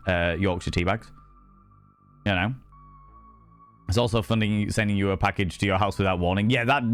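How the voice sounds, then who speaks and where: A man chatting casually on a live stream from his home setup, playful and cheeky, greeting viewers with pet names and swooping up high for mock grandeur. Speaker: livestreamer.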